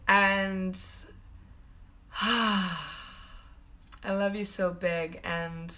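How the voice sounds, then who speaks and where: A woman's voice: medium pitch, steady tone, drawn-out words, long pauses, pushed and bright. A woman hosting a live stream as a spiritual coach, gushing and affectionate, laughing often and rambling loosely with lots of fillers. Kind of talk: live-stream talk to viewers.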